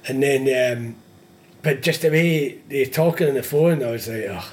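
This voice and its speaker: A young man, a metalwork business owner appearing as a guest, chats casually, cursing freely, laughing a lot, and acting out phone calls. His voice is medium-pitched and darkish at a moderate pace, with slight background noise.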